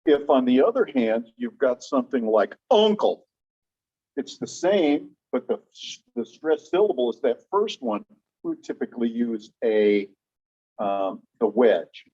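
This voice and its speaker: A man teaching a classroom lecture on English sounds, relaxed and explanatory, slowing down to demonstrate words. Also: mid-range voice, slightly rough. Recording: dull lo-fi classroom recording.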